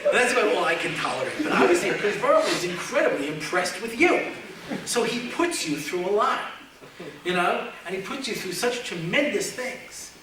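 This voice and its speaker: A man with a high voice lectures as a rabbi, telling humorous anecdotes in a folksy, joking manner. He is picked up from a distance in a very echoey room. Steady background noise sits under his voice. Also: normal speed. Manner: storytelling, joking, folksy asides.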